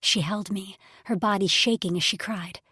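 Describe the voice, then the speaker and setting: Female audiobook narrator, husky and breathy, emotional first-person reading. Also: medium pitch, steady tone, normal speed, bright, forceful tone, dry recording, studio quality. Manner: emotional first-person storytelling, drops to whispers. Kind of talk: scripted narration.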